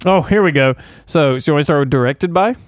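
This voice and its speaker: A man co-hosting a casual movie podcast, goofy and quick to laugh as he jokes around. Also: a little high, no room sound. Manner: giggly, goofy, laughs often. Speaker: podcast co-host. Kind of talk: casual chat.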